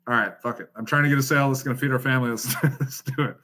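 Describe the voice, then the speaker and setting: With rapid-fire delivery and a medium-pitched voice, a man in his thirties recounts a story as a podcast guest. The telling is relaxed and animated, thick with swearing and laughter.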